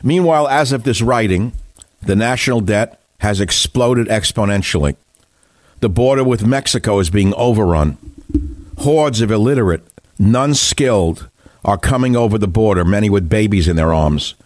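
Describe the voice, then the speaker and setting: A man's voice: fairly low pitch, animated, normal speed, dry recording. A man hosting a talk radio show, delivering a combative, scornful political monologue with heavy emphasis. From United States.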